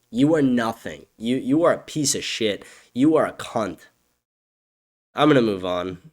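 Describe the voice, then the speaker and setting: Young guy ranting on his own podcast, mid-pitched voice, cussing constantly, gets loud then drops to a mutter. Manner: angry, profane, swings between shouting and low muttering. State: agitated. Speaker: podcast host. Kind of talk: solo opinion rant.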